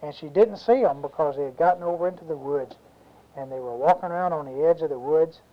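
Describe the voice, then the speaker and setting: An adult telling a children's story aloud, animated, with sound effects and questions to the listening kids. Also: mid-range voice, quick pace. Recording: dull lo-fi home recording.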